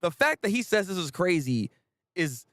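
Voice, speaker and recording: Excitable man with a lively, high voice. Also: moderate pace, dry recording. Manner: excitable, exclamatory, slangy rants. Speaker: manga reaction streamer. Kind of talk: live reaction stream.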